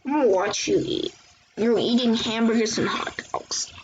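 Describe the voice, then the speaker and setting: A woman's voice: a little high, normal speed. A woman chatting casually and exclaiming as she hosts gameplay commentary for her channel. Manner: chatty, exclaiming and reacting to the game. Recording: muffled lo-fi recording with faint hiss.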